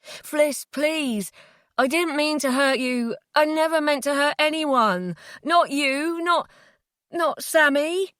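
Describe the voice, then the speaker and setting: A woman voicing an obsessive young man who pleads through tears, his voice breaking and soft. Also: a little high, moderate pace, no room sound, studio quality, natural voice. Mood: tearful.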